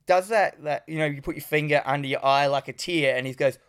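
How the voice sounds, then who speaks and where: A man's voice: on the high side, fairly quick, fairly bright tone, clean tone. Sweary man recapping a film. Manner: sweary, rambling, laughs often. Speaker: podcast co-host. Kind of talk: casual film recap chat.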